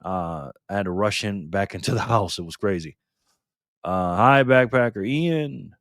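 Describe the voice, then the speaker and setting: A man's voice: lowish voice, unhurried, a bit bright, no room sound, studio quality. A man hosting a casual live stream, upbeat and chatty as he reads out viewer names and thanks them one by one.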